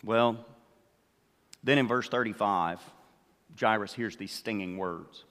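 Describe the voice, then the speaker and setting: An older man preaching a sermon, telling the story slowly and acting out what the characters say. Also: fairly low pitch, a bit bright, in a large hall. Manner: slow storytelling, acts out the characters' words. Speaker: pastor.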